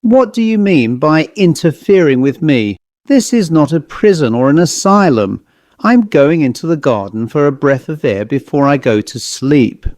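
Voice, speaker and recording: A man voicing a haunted, irritable gentleman who talks fiercely and demandingly. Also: a little high, lively intonation, normal speed, no room sound, clean studio sound, lightly acted. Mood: angry.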